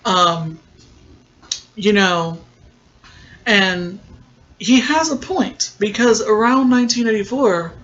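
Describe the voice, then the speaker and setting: A man's voice: sits high, fairly bright tone, lo-fi sound. A man hosting a podcast, casually recapping a TV episode and acting out bits of dialogue as he goes. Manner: retells scenes with quick quoted voices, chatty. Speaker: podcast host.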